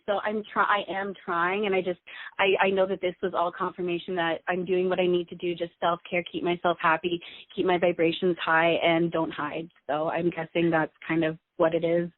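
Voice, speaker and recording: A woman calling in to a radio show, talking in an excited, rambling way with many restarts. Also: on the low side, normal speed. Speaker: caller. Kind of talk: call-in radio chat. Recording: tinny phone line.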